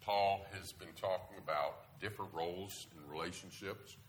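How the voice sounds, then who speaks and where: A man's voice: low voice, moderate pace, a little hiss or hum. A male pastor giving a conversational sermon to a congregation in a church, often asking them questions. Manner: conversational, asks the audience questions.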